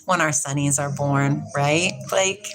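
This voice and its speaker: A woman's voice: deep voice, a little slow, rough recording. A woman hosting a casual livestream, chatting and reading viewer comments aloud, laughing often and greeting people by name. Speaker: livestream host.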